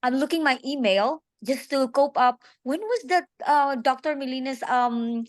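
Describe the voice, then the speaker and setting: A woman's voice: high-pitched, normal speed, no echo. A woman teacher speaks hesitantly on a video call, with many fillers. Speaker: fifth-grade teacher, meeting participant. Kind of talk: casual chat on a video call.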